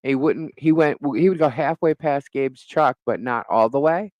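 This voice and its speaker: A man's voice: medium pitch, normal speed, no echo, poor audio. A middle-aged man co-hosting a live talk show, telling a neighbor story in casual chat, laughing often and cursing freely. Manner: animated storyteller, frequent laughter, swears. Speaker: podcast co-host.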